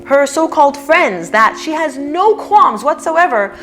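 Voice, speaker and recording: A woman's voice: sits high, animated, a little slow, fairly bright tone, faint music behind. A woman hosting a commentary vlog, talking in a sarcastic, mocking way. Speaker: commentary channel host.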